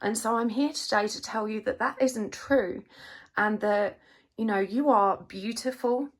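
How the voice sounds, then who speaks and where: A woman giving a gentle, reassuring tarot reading, emotional at times. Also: a little high, measured pace. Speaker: tarot card reader. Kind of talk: gentle spiritual reading to camera.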